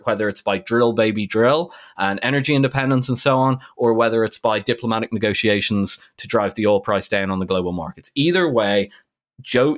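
A man co-hosting a casual current-affairs podcast, talking in an animated, incredulous way with frequent restarts. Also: medium pitch. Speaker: podcast co-host.

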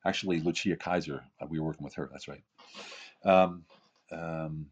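A man's voice: extremely low pitch, steady tone, normal speed, lo-fi sound. A man in his fifties, a podcast guest giving an emphatic motivational talk full of rhetorical questions and repeated phrases. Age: 50s. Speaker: podcast guest, keynote speaker and author.

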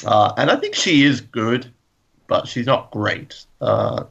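Gravelly guy rambling on a podcast, laughs a lot, kinda muffled lo-fi sound. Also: mid-range voice, lively intonation, takes it slowly, fairly bright tone. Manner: enthusiastic, rambling, laughs often. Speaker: podcast co-host. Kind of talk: casual chat.

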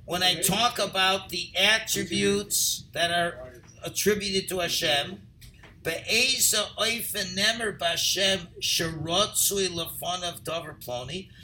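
A man teaching a Torah text class, reading Hebrew phrases and translating them, at times rising to loud emphasis. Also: sits high, slow, a little hiss or hum, rough recording.

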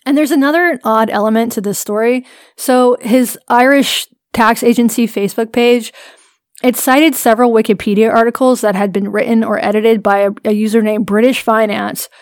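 A woman's voice: on the high side, fairly even intonation, a little fast, dry recording, studio quality. A woman co-hosting a podcast, recounting a story in a wry, casual way and laughing often. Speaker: podcast co-host. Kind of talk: casual chat.

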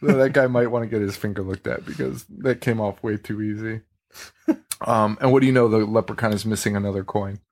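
A man's voice: fairly low pitch, steady tone, brisk. Guy on a movie podcast, chatty, laughs a lot, acts out the dumb lines. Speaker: podcast host. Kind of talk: casual movie review chat.

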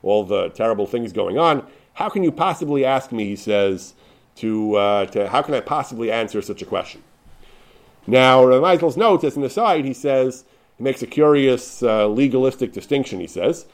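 A man teaching a Torah class, retelling a wartime rabbinic ruling with lively storytelling, many restarts and Yiddish and Hebrew terms. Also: medium pitch, moderate pace. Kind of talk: Torah lecture retelling a responsum.

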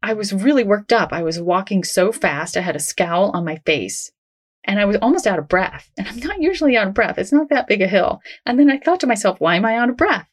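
A woman hosting a self-help podcast, talking in a gentle, reassuring, conversational way. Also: mid-range voice, lively intonation, a little fast. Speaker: podcast host.

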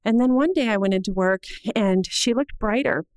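A woman's voice: on the high side, smooth, dry recording, rough recording. Earnest middle-aged woman telling a story. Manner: earnest, measured, slowing at heavy moments. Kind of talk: personal story told to an audience.

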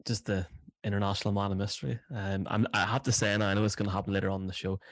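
Deep-voiced Irish man, deadpan. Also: rapid-fire, dry recording. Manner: deadpan self-flattering, hard to read. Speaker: producer. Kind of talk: casual podcast banter.

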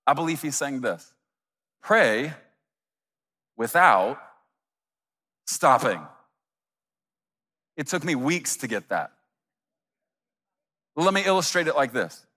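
Animated pastor preaching in a reverberant hall. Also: male voice, fairly high pitch, moderate pace, pauses often. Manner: animated, acts out imagined voices. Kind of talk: sermon.

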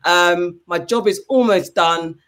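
A woman's voice: fairly low pitch, slow. Woman host in her 40s, blunt and profane, casual podcast storyteller. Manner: blunt, swearing, animated storytelling. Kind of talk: casual chat.

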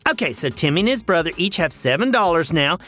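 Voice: very animated, fast, fairly bright tone, soft background music. A performer playing an overexcited, goofy host of a cartoon math show. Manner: bubbly, goofy, swinging wildly up and down in pitch. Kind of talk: cartoon voice acting.

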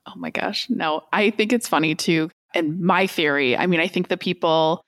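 A woman podcast host chatting casually, animated and laughing, acting out quoted lines. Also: on the low side, moderate pace, no echo, studio quality. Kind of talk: casual interview chat.

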